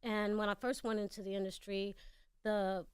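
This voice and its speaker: A woman's voice: medium pitch, steady tone, moderate pace, darkish tone, clear, resonant tone, dry recording, clean studio sound. A woman with a New York accent, a guest actor telling her story in a blunt, candid way in a casual radio interview. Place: radio studio.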